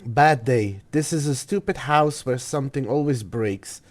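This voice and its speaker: A man's voice: mid-range voice, unhurried, natural voice. A man voicing a grumpy handyman reading his diary, with a put-on Russian accent and clipped, broken sentences. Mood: grumbling.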